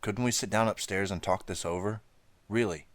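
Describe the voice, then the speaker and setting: A man's voice: lowish voice, moderate pace, no echo, natural voice. A man reading an audiobook, voicing a frightened teenage girl held captive, pleading and stammering.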